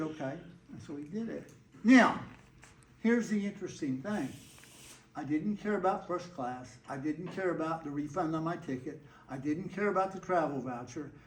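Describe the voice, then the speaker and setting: A man's voice: a little high, a little hiss or hum. An older man with a Texan accent, telling a folksy story to a live audience in a laid-back, whimsical way. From Texas. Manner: laid-back, folksy, acts out quoted dialogue. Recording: roomy hall echo.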